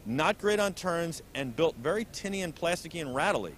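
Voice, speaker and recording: Brief: upbeat male host, slightly high voice, faint hall rumble behind. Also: normal speed. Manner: eager, animated, repeats words. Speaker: auto show host. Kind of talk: enthusiastic interview. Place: busy convention hall booth.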